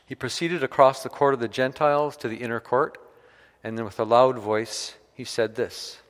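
A man's voice: medium pitch, steady tone, moderate pace. A man preaching a sermon, retelling a scripture story with varied emphasis. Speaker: pastor. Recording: long hall reverb.

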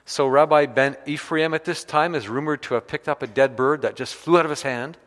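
A man's voice: fairly high pitch, brisk, a bit bright. A man preaching a sermon, retelling a scripture story with varied emphasis. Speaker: pastor. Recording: long hall reverb.

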